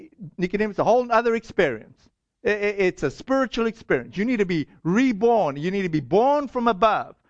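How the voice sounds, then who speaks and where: A man with a notably high voice preaches in a loose, conversational way, stumbling over restarts and peppering his talk with fillers. The recording is dry and a little muffled, with no room sound. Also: no room sound. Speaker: pastor. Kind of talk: sermon.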